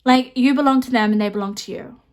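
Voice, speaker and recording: Young female tarot reader, gushing and emotional, talks in loose rambling asides, slightly high voice. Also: fast talker. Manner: excitable, emotional, rambling with frequent "okay?" and "honestly". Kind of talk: pick-a-card tarot reading.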